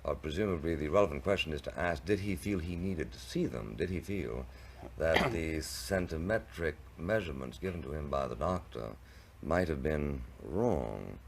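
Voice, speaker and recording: A man with an extremely deep, gravelly voice argues in a televised debate. He stammers through restarts and chooses ornate, wry phrasing. The sound comes from an old 1960s TV recording. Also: lively intonation, normal speed, a little hiss or hum.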